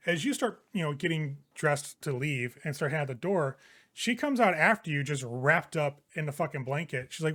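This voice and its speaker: A man's voice: fairly high pitch, expressive, moderate pace, fairly bright tone. A man running a tabletop role-playing game, narrating scenes in a casual, crude way. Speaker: game master.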